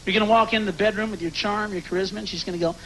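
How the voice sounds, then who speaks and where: A man's voice: sits high, fairly even intonation, rapid-fire, pushed and bright. A male stand-up comedian telling jokes and chatting as a talk-show guest, breaking into sudden screaming rants. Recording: noisy archival TV broadcast.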